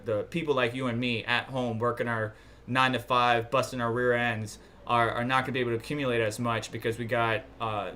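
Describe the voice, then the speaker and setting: Bright-voiced rambling livestream host. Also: male voice, medium pitch. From New York. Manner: rambling, thinks aloud while browsing charts. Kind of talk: casual livestream chat.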